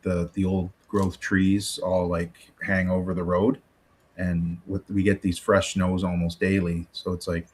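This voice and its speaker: A man with a low, deep voice chats casually as a guest on a livestream. He describes things in an unhurried, dreamy way, leaning on "like" between his thoughts. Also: breathy edge. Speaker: guest in the chat. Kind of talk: casual group chat.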